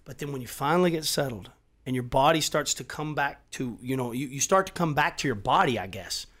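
A middle-aged man in casual chat as a podcast guest, swearing freely and getting louder and more animated as he makes his point. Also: mid-range voice, brisk. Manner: animated and profane, swears often, voice rising as he gets worked up.

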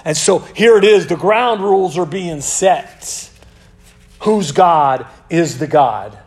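A man preaching a sermon, telling Bible stories in an animated, joking way with playful sarcasm. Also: sits high, a little slow. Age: adult. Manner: animated, self-deprecating storytelling with playful sarcasm.

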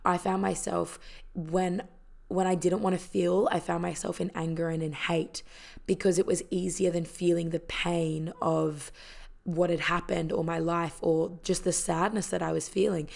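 A woman talks through a film's story in a loose, casual recap. Her voice sits a little low, and she sounds chatty and heartfelt, scattering fillers and the occasional swear word as she goes. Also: level tone, normal speed, vocal fry, darkish tone. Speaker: vlogger. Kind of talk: casual movie retelling.

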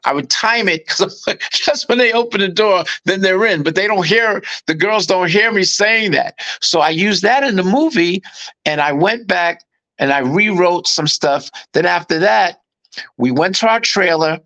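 Male interview guest, lively storyteller who slips into voices, slightly high pitch. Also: normal speed, poor audio. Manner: animated, acts out quotes in voices. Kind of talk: casual anecdote storytelling.

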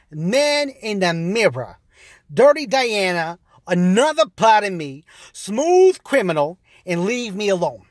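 Brash, heated man ranting with lively pitch. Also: dry recording, studio quality. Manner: brash, heated, profane, streetwise slang. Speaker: guest taking over a podcast. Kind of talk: casual profane rant.

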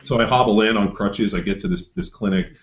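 Middle-aged man, lower voice, profane and animated raconteur; slightly muffled recording. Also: brisk, a little hiss or hum. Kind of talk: casual storytelling chat. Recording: slightly dull lo-fi audio.

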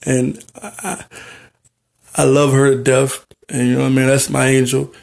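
A man's voice: mid-range voice, monotone, normal speed, vocal fry, darkish tone. Earnest young man rambling heartfelt. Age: young adult. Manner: rambling, heartfelt, repeats "you know what I mean". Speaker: podcast host. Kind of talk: personal monologue.

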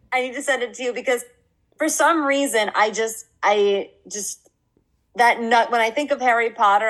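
A young woman co-hosting a podcast in casual chat, bubbly and quick to laugh. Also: medium pitch, rough recording. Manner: bubbly, laughs often, quotes people in animated bursts. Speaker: podcast co-host.

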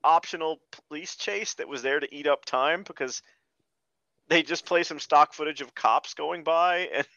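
A man hosting a podcast rants sarcastically and with exasperation about a bad movie, swearing throughout the casual chat. His voice is on the high side, pushed and bright, at normal speed. The recording is dry, with no room sound, and has a dull lo-fi quality.

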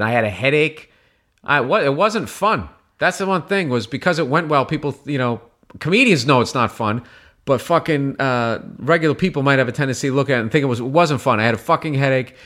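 A man, a comedian guest, telling a story in casual chat, profane and animated, acting out shouted quotes. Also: mid-range voice, brisk.

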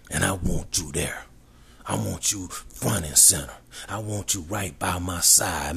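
A man's voice: low voice, a little slow, vocal fry, fairly bright tone, slightly rough. A man giving a confident, boastful motivational monologue, repeating emphatic declarations.

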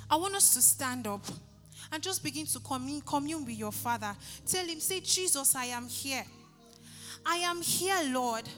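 Fervent high-voiced woman preaching in a hall. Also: fairly bright tone. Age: 30s. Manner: rising fervent pleading, repeating phrases. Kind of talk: sermon with altar call.

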